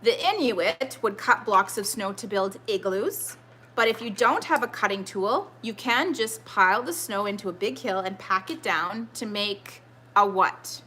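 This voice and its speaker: Woman, thirties, bright tone, chatty, rambling, live-stream trivia host, home setting. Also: mid-range voice, lively intonation, moderate pace, a little hiss or hum. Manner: chatty, rambling, reads viewer comments aloud. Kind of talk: casual live-stream chat. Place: home with children nearby.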